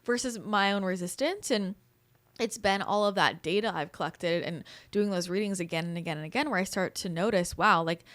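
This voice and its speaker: A woman's voice: medium pitch, fairly quick, fairly bright tone. A woman hosting a podcast as a spiritual channel, talking candidly in casual conversation and swearing now and then.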